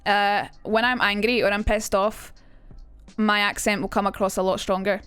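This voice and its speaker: A woman's voice: mid-range voice, flat delivery, normal speed, fairly bright tone, clear, resonant tone, no echo, soft background music. A young woman streamer casually teaching, chatty and rambling, reading chat aloud with casual swearing.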